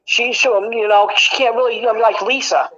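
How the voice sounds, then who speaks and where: A woman's voice: fairly high pitch, fairly even intonation, moderate pace, a bit bright, dull audio. A woman angrily venting in a casual conversation at home, swearing often and full of fillers. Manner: angry, profane venting, many fillers.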